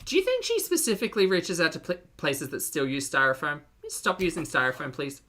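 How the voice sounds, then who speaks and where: Aussie male streamer, sunny forceful tone, giggly and chatty, reads chat aloud. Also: fairly high pitch, very animated, a little fast. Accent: Australian. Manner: chatty, laughs often, reads out chat messages. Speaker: streamer reacting to videos. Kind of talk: live reaction stream, casual chat.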